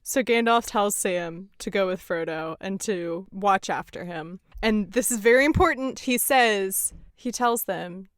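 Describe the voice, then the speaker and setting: A woman's voice: medium pitch, no echo. Chatty woman podcaster, dry sound. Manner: chatty, laughing, fast asides. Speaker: podcast host. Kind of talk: casual chat recapping a film.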